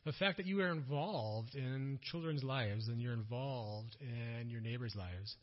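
At a church conference, a man speaks a little slowly in a medium-pitched voice, sharing missionary stories. He brings the characters to life, acting out their quotes loudly, and the church PA audio is dull and lo-fi.

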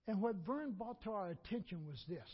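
A man's voice: high voice, animated, fairly quick, slightly rough, muffled recording. A man preaching a sermon as pastor. He repeats lines for emphasis and leaves gaps for the congregation to answer.

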